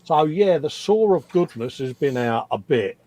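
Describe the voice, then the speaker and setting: A man's voice: on the high side, expressive, a little slow, crowd noise. A man hosting a casual live stream while building a model kit, chatty, greeting viewers and calling them mate. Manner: chatty, reads out viewer names, says "mate". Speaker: host.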